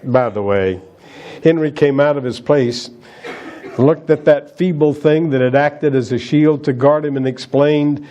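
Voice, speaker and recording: A man's voice: fairly high pitch, measured pace, mellow, lo-fi sound. A man preaching a sermon as pastor, emphatic and asking the congregation rhetorical questions.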